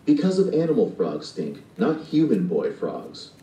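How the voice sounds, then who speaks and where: A man's voice: low voice, huge pitch swings, unhurried, mellow, reverberant, far from the mic, heavily acted, poor audio. A man voicing a spirited, bossy young girl who is a big sister, in a storybook reading. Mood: playful.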